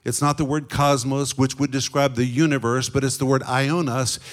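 A middle-aged man teaching a sermon as a guest Bible teacher, emphatic and deliberate, slowing down on key words. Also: medium pitch, steady tone.

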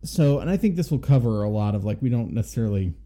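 A man's voice: lowish voice, animated, quick pace. A man co-hosting a movie review podcast, agreeing readily and reading a plot synopsis steadily. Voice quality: very dark, mellow voice. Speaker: podcast co-host.

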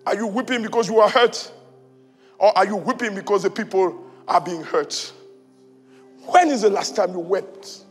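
A man preaching a sermon in church, repeating rhetorical questions and rising to shouts. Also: high voice, normal speed, long pauses, husky. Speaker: pastor. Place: church hall. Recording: reverberant hall with faint music.

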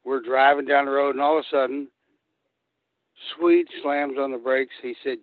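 Speaking at a normal speed in a medium-pitched voice, this retired pro wrestler rambles through casual stories as a guest, acting out the quotes with animation. He's heard over a tinny phone line with no echo, completely dry.

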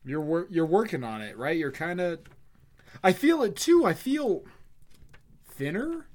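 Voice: medium pitch, sing-song, unhurried, a little mellow. A co-host of a comedy podcast, wry and joking in casual chat.

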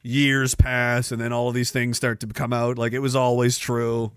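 A man's voice: mid-range voice, steady tone, fairly quick, few pauses, fairly bright tone, no echo, studio quality. A man hosting a livestream, reading chat aloud in a profane, sardonic way and laughing often. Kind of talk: casual chat.

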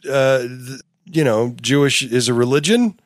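A man's voice: medium pitch, unhurried, no room sound, studio quality. Man ranting in casual chat. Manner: profane, ranting, animated.

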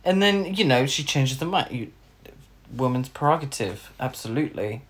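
Woman co-host with a low, lively voice, chatty and exasperated. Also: moderate pace. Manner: chatty, exasperated, laughs often. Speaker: podcast co-host. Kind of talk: casual chat.

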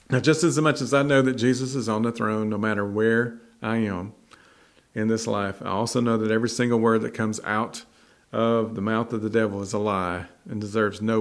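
A man preaching a folksy sermon that builds to emphatic repetition. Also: on the low side. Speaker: pastor. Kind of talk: sermon with storytelling.

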